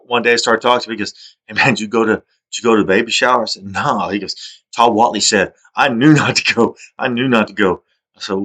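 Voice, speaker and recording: A man's voice: medium pitch, a bit bright. A man delivering a rambling, repetitive and aggrieved personal monologue, sometimes dropping to a mutter. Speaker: video monologuist.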